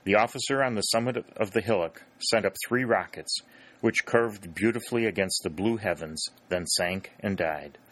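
A man narrating a historical adventure audiobook in an even, unhurried reading style. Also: lowish voice.

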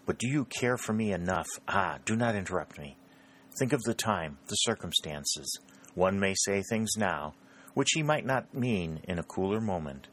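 A man's voice: sits low, lively intonation, normal speed, fairly bright tone. A man reading a proud young Northern woman, Lucia. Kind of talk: audiobook character reading.

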